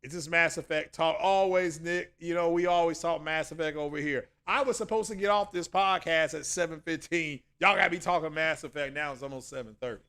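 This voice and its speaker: High-voiced man rambling casually on stream. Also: a little fast, few pauses, pushed and bright, clear, resonant tone. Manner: rambling, chatty, many self-corrections. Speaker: channel host. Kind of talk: casual livestream chat with viewers.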